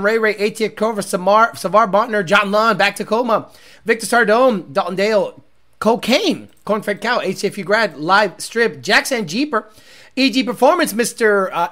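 Brash, cursing male streamer. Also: high-pitched. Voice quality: profane, loud and brash, shouts sponsor names. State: congested, out of breath. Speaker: car-scene livestream host. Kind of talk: profane casual livestream rant.

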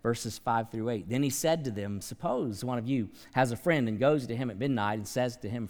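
A man's voice: medium pitch, moderate pace, hardly any pauses, darkish tone. A man preaching a sermon as pastor, conversational, with folksy asides and sudden bursts of volume. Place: church sanctuary. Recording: long church hall reverb.

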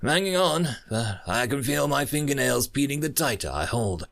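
A man voicing a stressed, anguished male character whose voice runs high and strained. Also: very animated, moderate pace, vocal fry, a bit bright, dry recording, soft background music. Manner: high strained voice, frantic outbursts. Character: anguished, stressed man overwhelmed by cosmic vision.

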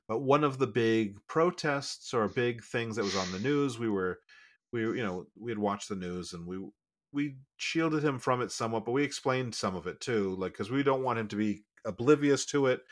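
A middle-aged man co-hosting a podcast, talking casually in a rambling, restarting way with lots of fillers. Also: on the low side. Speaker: podcast co-host.

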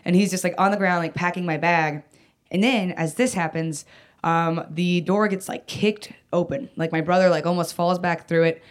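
A woman's voice: fairly low pitch, steady tone, moderate pace. A woman telling a personal story in casual chat, rambling, full of "like" and "um", with frequent restarts and casual swearing.

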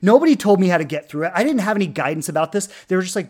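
A woman's voice: medium pitch, expressive, very fast, hardly any pauses, a little mellow. A woman in her thirties, a love coach, telling a personal story in an earnest, heartfelt way, full of fillers and restarts. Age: 30s.

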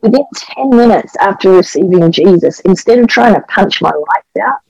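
A middle-aged woman with an Australian accent tells a testimony with earnest, emotional animation, and her pitch sits in a medium range. The recording is dry and close, with almost no room sound. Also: lively intonation, moderate pace, vocal fry, a little mellow, husky, no echo, lo-fi sound. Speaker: pastor's wife and evangelist. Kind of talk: testimony storytelling on a podcast.

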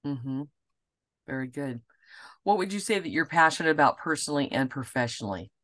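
Woman podcast host, halting and affirming. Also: low voice, lively intonation. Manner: warm affirmations, halting restarts. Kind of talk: interview hosting.

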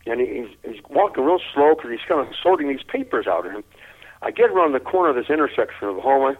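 An older man telling a lively anecdote in an interview, chuckling often and repeating his words as he goes. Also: mid-range voice, quick pace. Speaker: interview guest. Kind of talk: anecdotal storytelling. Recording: tinny phone-like line.

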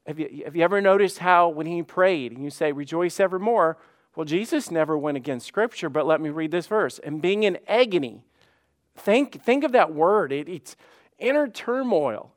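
A man preaching a sermon as pastor in a conversational way, often repeating words and acting out quoted voices. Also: fairly high pitch.

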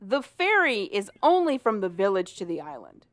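A woman's voice: medium pitch, sing-song, normal speed, fairly bright tone, no room sound. Chatty woman recounting a story. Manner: chatty, swears and laughs while retelling. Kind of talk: casual story recap.

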